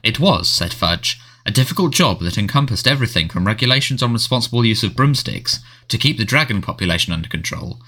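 A man narrating a storybook in a measured, expressive reading. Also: lowish voice. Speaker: audiobook narrator.

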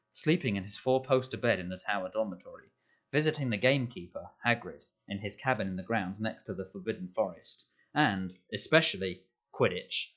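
A man reading an audiobook aloud in a measured storytelling manner. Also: lowish voice, fairly bright tone. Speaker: audiobook narrator. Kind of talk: scripted narration. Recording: dull lo-fi audio.

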